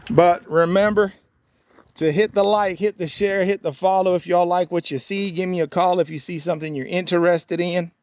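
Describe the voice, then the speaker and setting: A man's voice: sits high, fairly even intonation, moderate pace, a little mellow, dry recording. A man hosting a casual live stream as a cabin salesman, playfully teasing a viewer, laughing often and repeating himself, with folksy sign-offs.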